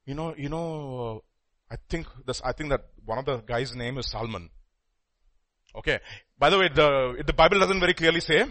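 A man preaching a sermon, swinging from hushed murmurs to loud stressed lines and slowing down to stress key words. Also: medium pitch.

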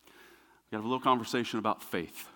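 A man preaching a sermon as pastor, with emphatic repetition that swings between hushed and loud passages. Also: lowish voice, racing. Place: church sanctuary. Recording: long hall reverb.

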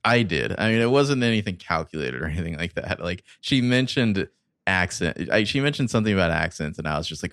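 A laid-back man co-hosts a podcast, taking his time with frequent uhs and a dry sense of humor. His voice is very low with a gravelly fry, and the sound is close and dry. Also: lively intonation, fast talker, a bit bright, dry recording. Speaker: podcast co-host. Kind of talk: casual chat.

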